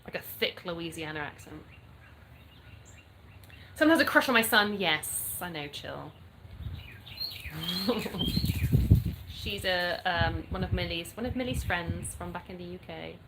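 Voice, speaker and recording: Chatting casually on her livestream, a woman from England reads comments and welcomes viewers by name in an upbeat way. Her fairly low, creaky voice is unhurried, with long pauses, over a noisy background of birdsong.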